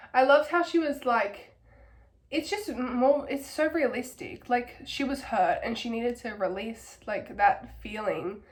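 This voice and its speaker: A hoarse young woman with a cold, rambling enthusiastically through a casual book review and filling her talk with "like". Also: a little high. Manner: rambling, filler-heavy, enthusiastic.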